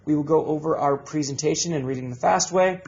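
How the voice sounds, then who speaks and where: A man teaching a recorded reading lesson to children, drilling sounds and words in slow call-and-response. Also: fairly high pitch, darkish tone, lo-fi sound.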